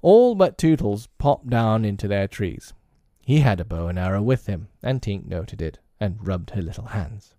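A male narrator reads a storybook aloud with an expressive, lively delivery. His voice is low and warm. The sound is dry and close. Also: normal speed, dry recording. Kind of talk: storybook reading.

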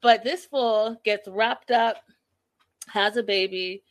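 A woman's voice: mid-range voice, fairly even intonation, takes it slowly. A woman casually recapping a reality show episode, chatty and opinionated, peppered with "like" and "you know".

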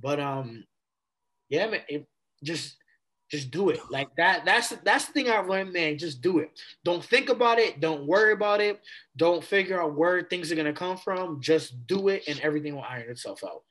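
A man in his twenties, a podcast guest, telling a story in a casual, animated way and replaying conversations with casual slang. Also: a little high, moderate pace. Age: 20s.

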